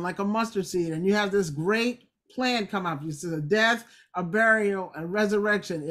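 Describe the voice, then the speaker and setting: A woman teaching scripture in an informal, emphatic, conversational way, with playful asides. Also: medium pitch. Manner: conversational, emphatic, acts out quotes. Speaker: Bible study teacher.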